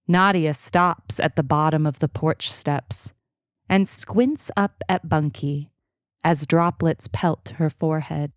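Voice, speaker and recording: A woman narrating a short story in an unhurried, even storytelling manner. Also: sits low, no echo, studio quality. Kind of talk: audiobook reading.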